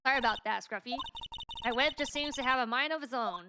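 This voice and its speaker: A woman's voice: sits high, fast, noisy background. A woman reading as a haughty whip-cracking prosecutor. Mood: mocking. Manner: mocking, superior. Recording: loud game music behind.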